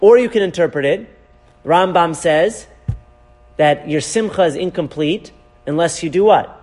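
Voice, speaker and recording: A man teaching a Torah class as a rabbi, animated, asking rhetorical questions and weaving in Hebrew terms. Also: fairly high pitch, unhurried. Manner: animated, asks rhetorical questions, frequent "right?".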